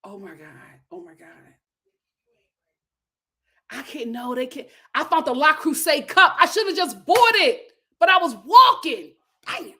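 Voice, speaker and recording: A woman hosting a casual reality TV recap, talking in an animated, exclamatory way with lots of incredulous reactions. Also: high-pitched, measured pace, pauses often. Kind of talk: casual chat.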